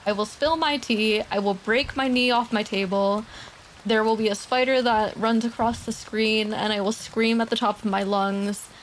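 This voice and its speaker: A woman streamer chatting casually and quietly with her viewers at her desk mic, laughing often and swearing now and then. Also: a little high, steady tone, moderate pace, a little hiss or hum. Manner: soft-spoken, talking quietly. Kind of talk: casual livestream chat. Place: home streaming setup.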